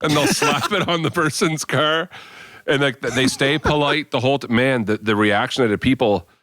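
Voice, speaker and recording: Male podcast co-host, average pitch, conversational rants, dry and close. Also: normal speed, fairly bright tone, no room sound. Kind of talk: casual chat.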